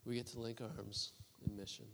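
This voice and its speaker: A man preaching and telling a story to a church, with many restarts and a lively storytelling delivery. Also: mid-range voice, moderate pace, a little hiss or hum. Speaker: guest preacher. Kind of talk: sermon storytelling. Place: church hall. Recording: long reverb of a church hall.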